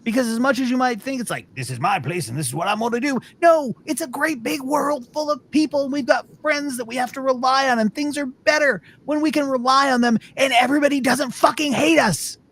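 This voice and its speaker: A man's voice: extremely high pitch, fairly even intonation, fairly quick, hardly any pauses, fairly bright tone. A man hosting a podcast, ranting in a profane, exasperated way during casual chat. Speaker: podcast host.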